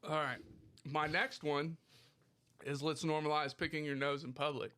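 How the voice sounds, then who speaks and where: A man hosting a casual podcast, animated, profane and joking with his co-hosts. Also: fairly high pitch, moderate pace. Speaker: podcast host.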